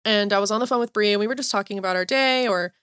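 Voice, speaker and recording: Woman podcast co-host, mid-pitched, chatty with filler words, dry close recording. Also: very fast, a bit bright, clear, resonant tone, dry recording. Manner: chatty, with frequent "um" and "just". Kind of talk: casual chat.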